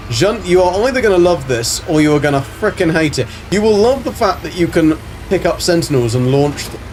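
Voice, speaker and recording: A man's voice: fairly high pitch, a little hiss or hum. A man casually commentating a game on a live stream, chatting to viewers, swearing freely and greeting them by name. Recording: faint background music.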